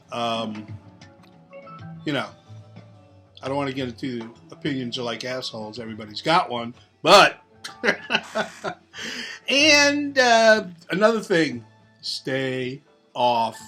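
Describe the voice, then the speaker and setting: A man's voice: mid-range voice, sharp tone. A man hosting a local show, talking in a rambling, laid-back way with casual asides. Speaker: host. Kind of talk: casual interview and sign-off.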